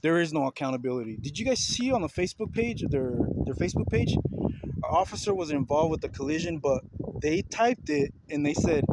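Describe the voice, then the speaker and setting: A man's voice: a little high, big pitch swings, brisk, very noisy. A man ranting heatedly to his viewers in a video commentary, repeating himself and confronting his listeners with questions. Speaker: vlogger.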